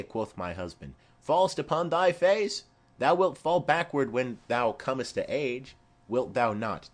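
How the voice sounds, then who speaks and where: A man reading the part of a fond, chattering elderly nurse in an audiobook of a play, rambling through long stories. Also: medium pitch. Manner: rambling, digressive storytelling.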